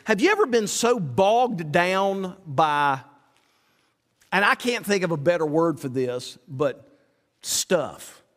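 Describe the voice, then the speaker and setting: Animated high-pitched male preacher. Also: slow pace. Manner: animated preaching with rhetorical questions and repetitions. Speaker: pastor. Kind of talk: sermon. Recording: long hall reverb.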